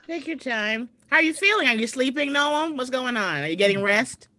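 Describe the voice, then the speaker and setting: A woman hosting a casual livestream from home, chatting and shouting out viewers over a video call mic. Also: high-pitched, lively intonation, brisk, dry recording. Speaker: host. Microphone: computer mic on a video call.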